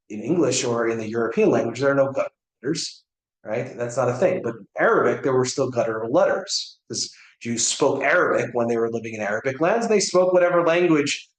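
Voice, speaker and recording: Brief: American man, rabbi teaching a class, chatty and halting, mid-pitched, echoey classroom. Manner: conversational, many fillers and restarts, checks on students. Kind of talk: informal class lecture. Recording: echoey room.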